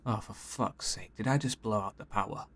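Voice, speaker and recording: A man's voice: lowish voice, normal speed, over music, natural voice. A man playing a sarcastic, swearing young man in a fan audio drama.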